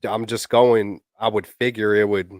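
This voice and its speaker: A man's voice: on the low side, flat delivery, moderate pace, darkish tone, dry recording, studio quality. A man co-hosting a casual sports chat, rambling and slangy, with many fillers and restarts. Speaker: podcast co-host.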